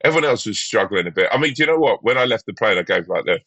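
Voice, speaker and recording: Husky, animated man telling stories. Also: fairly low pitch, very fast, no room sound. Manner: rambling storyteller, lots of restarts and acted quotes. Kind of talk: casual chat.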